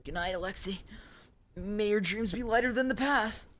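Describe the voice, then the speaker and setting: Cryptic old mountain hermit, quiet and calm, read by a woman streamer. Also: medium pitch, moderate pace, natural voice. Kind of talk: reading game dialogue aloud.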